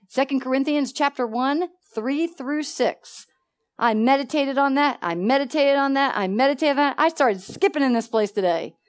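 Animated woman teaching Bible study. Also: on the high side. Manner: animated, laughs often, acts out dialogue. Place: church meeting room.

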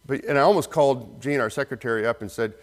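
A man preaching a sermon as pastor, earnest, slowing down for emphasis and acting out the voices in the story. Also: mid-range voice. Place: church sanctuary. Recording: long reverb of a hall.

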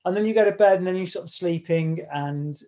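A podcast co-host with a high-pitched voice speaks a little fast, casually telling a rambling story full of restarts. The recording has a dull, lo-fi sound.

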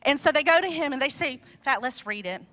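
A woman with a high, bright voice preaches a sermon quickly, in a long hall reverb. Her style is conversational, telling the story with lively asides.

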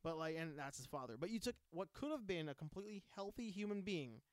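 A man in casual chat about comics and films, animated and swearing freely, acting out little quotes. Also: sits high, fast, clear, resonant tone, no echo, clean studio sound.

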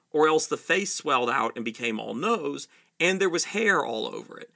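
Man, book commentary, reading aloud, analytical, steady, gravelly, bright. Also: medium pitch.

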